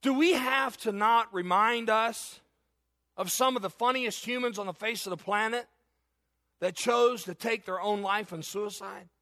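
Male preacher, middle-aged, high and bright, a storyteller who laughs at himself from the pulpit. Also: measured pace. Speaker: pastor. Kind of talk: sermon.

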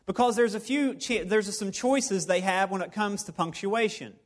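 A man with a high voice preaching a sermon to his congregation. He talks in a playful, conversational way and keeps circling back to the same phrases. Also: moderate pace. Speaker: pastor. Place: church service before a live congregation.

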